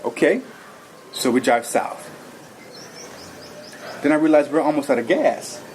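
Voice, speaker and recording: A man telling a personal story in an interview. He rambles in an animated way and acts out his own lines as he goes. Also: medium pitch. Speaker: interview guest. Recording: noisy recording.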